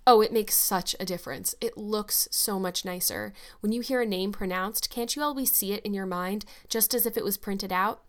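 An imaginative orphan girl of about eleven pours out her words in a gushing, dramatic rush, as a woman reads her in a storybook. She sounds eager and wide-eyed, and her pitch sits a little higher than the narration around her. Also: moderate pace, few pauses, close to an everyday voice.

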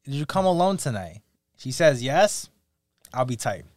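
Lively podcast guy bouncing all over in pitch, acts out little bits, dry close mic. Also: moderate pace, no room sound. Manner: animated storyteller, acts out lines in quotes. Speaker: podcast co-host. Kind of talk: casual chat among friends.

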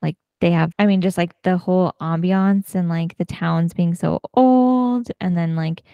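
A woman's voice: fairly low pitch, unhurried, smooth, no echo, highs cut off. Upbeat woman co-host, chatty podcast talk. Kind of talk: casual chat.

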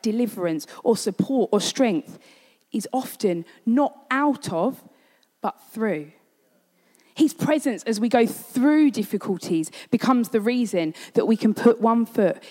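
A woman's voice: mid-range voice, darkish tone. A woman giving a sermon, telling a personal story in an earnest way. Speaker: preacher. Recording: long hall reverb.

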